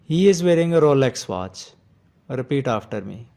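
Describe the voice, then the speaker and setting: A man hosting a scripted pronunciation lesson, speaking with slow, careful enunciation. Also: medium pitch, big pitch swings, mellow. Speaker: pronunciation teacher.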